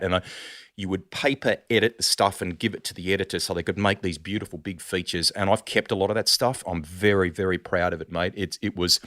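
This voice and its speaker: A middle-aged Australian man telling animated stories in a casual podcast chat, calling the host "mate" a lot. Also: low voice, no room sound, clean studio sound. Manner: animated storyteller, says "mate" often. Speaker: sports broadcaster, guest.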